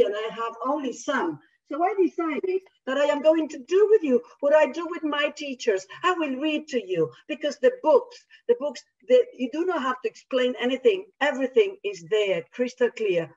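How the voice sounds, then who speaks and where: A woman educator who isn't a native English speaker reads picture books aloud at a workshop, animated and expressive, her voice sitting high. The recording sounds distant and dull, with a lo-fi quality.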